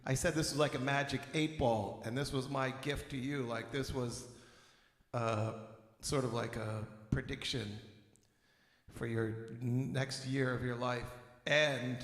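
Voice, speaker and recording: A man's voice: medium pitch, fairly even intonation, a little slow, a bit bright. A man hosting an online music show, telling a long joke in a rambling way, with many fillers, and laughing at his own punchlines. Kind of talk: casual joke-telling and chat. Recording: roomy echo with long reverb, faint music.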